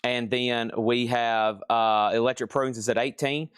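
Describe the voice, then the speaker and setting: A man running a live-stream record sale, calling prices and bids in brisk, chatty sales patter from an indoor shop. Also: medium pitch, steady tone, a bit bright, clean tone, no room sound, studio quality.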